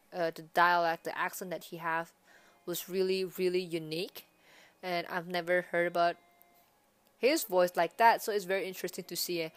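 A young woman giving a casual movie review, chatty and rambling, stringing her thoughts together as she goes. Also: on the low side. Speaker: film reviewer.

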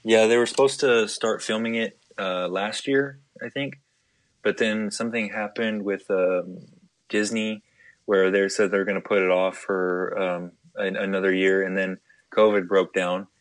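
A man co-hosting a casual podcast from his desk, talking in a relaxed way with many filler pauses. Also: on the low side, dry recording. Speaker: podcast co-host. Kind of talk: casual chat.

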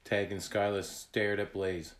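A man narrating a children's chapter book aloud in a deliberate read-aloud manner. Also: on the low side, flat delivery. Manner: slow, deliberate reading.

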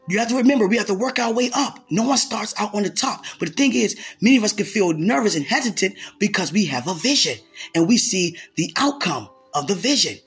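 A woman delivering an impassioned sermon. Her voice is very breathy and husky, and she keeps repeating lines and rising into shouts. Soft music plays faintly behind her. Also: medium pitch, expressive, a little fast. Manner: fervent, repetitive, bursts into shouting. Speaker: preacher.

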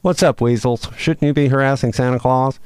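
A man's voice: mid-range voice, steady tone, brisk, darkish tone, clear, resonant tone, no room sound, natural voice. A man voicing a short-tempered male boss coyote in a storybook read-aloud, snapping and growling. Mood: gruff.

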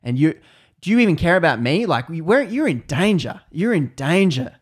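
An alarmed friend scolds and warns in a raised voice, as a man acts him out. He is agitated and upset, and his words come out in sharp bursts. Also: fairly high pitch, sing-song, normal speed, slightly rough, voice pushed up. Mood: angry, worried. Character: angry worried male friend.

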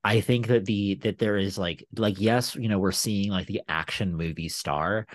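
A man co-hosting a podcast in casual chat about a movie, excitable and tripping over his words. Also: moderate pace, no echo. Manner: excitable, full of fillers and restarts, swings up in pitch. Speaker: podcast co-host.

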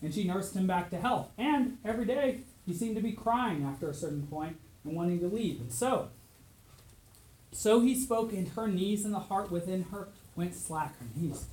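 A teacher lectures to a class, reading ancient verse aloud with lively, dramatic expression and stopping to quiz the students. The voice sits in a middle register. The room is roomy and echoing. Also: medium pitch, normal speed.

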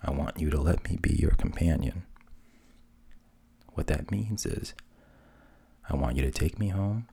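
A man's voice: rumbling low, expressive, unhurried, vocal fry, long pauses, dark tone, breathy edge, heavily acted. A man voicing a pushy male talking frog who insists on his demands. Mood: pleading.

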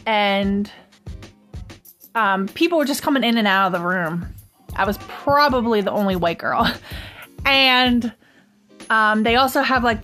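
A woman's voice: on the high side, bright, forceful tone. A woman hosting a podcast, telling a personal story in a casual, rambling way full of "um" and "like". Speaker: podcast host.

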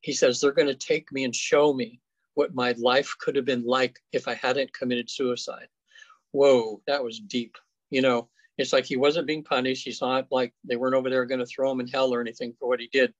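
A man, a guest on an interview show, recounts cases in a casual, halting way full of fillers and restarts. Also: mid-range voice, no echo, dull audio. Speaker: afterlife researcher guest.

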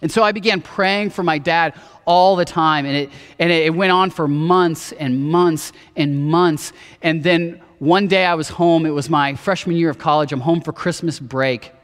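A man in his thirties giving a sermon as pastor, telling a personal story earnestly and dropping softer for quoted words. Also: a little high, moderate pace. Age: 30s. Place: church auditorium. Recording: long reverb of a church hall.

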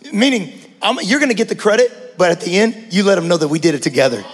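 A man preaching a sermon as pastor, passionate, swinging between hushed talk and shouting. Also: high-pitched, animated, fast, in a large hall. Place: church.

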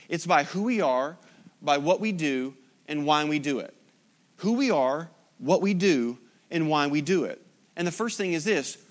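A man preaching a sermon as pastor, emphatic, with rhetorical repetition. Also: fairly high pitch.

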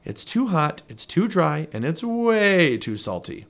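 A man's voice: on the high side, very animated, unhurried, creaky, a bit bright, voice pushed up, exaggerated voice. A man doing a fussy, sensible squirrel lady. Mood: grumpy. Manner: dry and scolding.

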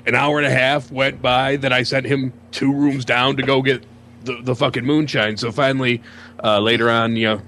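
A man telling an anecdote in casual chat, halting and full of ums and uhs. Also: mid-range voice, flat delivery, bright, forceful tone, a little hiss or hum. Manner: halting, filler-heavy storyteller.

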